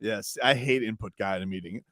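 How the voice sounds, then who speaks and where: A man's voice: lowish voice, fairly quick, pushed and bright. A man hosting a sports talk radio show, making wry, teasing remarks about players and coaches.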